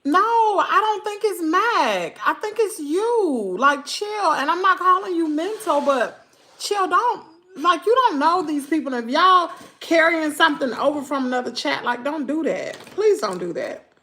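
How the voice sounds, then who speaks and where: Southern american lady livestreaming, chatty and bossy with the chat, bright sharp voice, swings up and down a lot. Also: high voice, expressive, normal speed. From Mississippi, US South. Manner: chatty, exclamatory, scolds the chat. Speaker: channel host.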